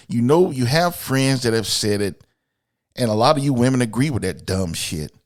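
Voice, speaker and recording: A man hosting a podcast, delivering a blunt, profane, opinionated monologue aimed at women, swinging between loud outbursts and low asides. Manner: blunt, profane and emphatic, addressing women directly. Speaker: podcast host.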